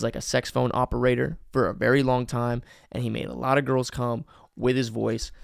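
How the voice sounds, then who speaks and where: A man hosting a podcast, giving casual advice in an energetic, emphatic way with many fillers. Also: mid-range voice, vocal fry, no echo, studio quality. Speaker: podcast host.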